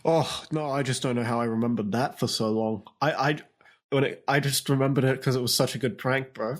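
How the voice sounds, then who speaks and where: A man's voice: mid-range voice, steady tone, fairly quick. Teasing male podcast co-host who laughs a lot. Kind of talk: casual chat.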